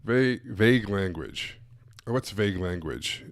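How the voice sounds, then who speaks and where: A man teaching coaches how to run sales calls on a live stream. He is blunt and direct and keeps firing rhetorical questions. His voice sits low and the sound is dry and close. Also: lively intonation, a little slow, no room sound.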